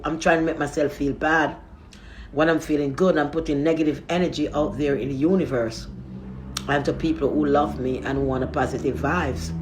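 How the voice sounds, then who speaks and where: A woman, speaking into a phone on a live stream. She rambles softly, moving between prayer and warm reassurance. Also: low-pitched, slight background noise. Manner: soft, rambling, affectionate reassurance.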